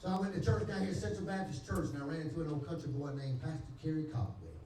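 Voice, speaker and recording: A pastor with a North Carolina Southern accent preaches his testimony to a congregation in a folksy storytelling style, acting out the dialogue. His fairly high voice is warm, fast and lively in intonation, picked up by a distant mic in an echoey church hall with slight background noise.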